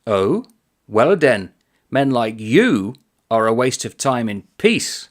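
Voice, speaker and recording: A man voicing a cowardly, quick-witted army gunner who protests and answers back cheekily. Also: medium pitch, very animated. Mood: cheeky.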